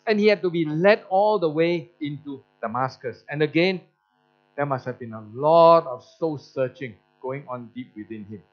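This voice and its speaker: Man, pastor, sermon, high voice, storytelling, acts out quoted voices, dull lo-fi church recording, faint music behind. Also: normal speed. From Malaysia.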